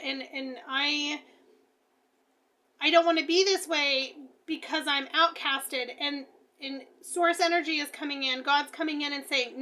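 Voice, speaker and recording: Excitable bright-voiced woman reading tarot. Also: high voice, normal speed. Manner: excitable, exclaiming, thinking aloud. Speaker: tarot reader.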